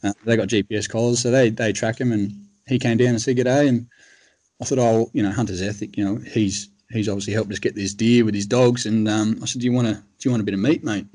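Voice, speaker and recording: A man's voice: fairly low pitch, steady tone, fast talker, a little mellow, no room sound. An Australian man telling a long hunting story in a laid-back, rambling way, full of fillers. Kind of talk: casual storytelling.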